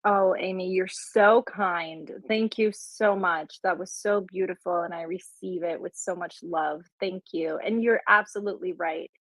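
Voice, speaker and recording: A woman's voice: on the low side, fairly even intonation, a little slow, hardly any pauses, a bit bright, dry recording, low-quality recording. A woman from Rico, speaking as a guest in a casual live audio chat in a gracious, effusive way. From Puerto Rico. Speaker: guest speaker and content creator.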